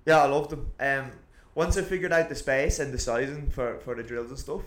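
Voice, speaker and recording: A man's voice: medium pitch, steady tone, fairly quick. A man co-hosting a casual podcast as a football coach, talking keenly and in rambling stops and restarts. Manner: rambling, many fillers and restarts, keen.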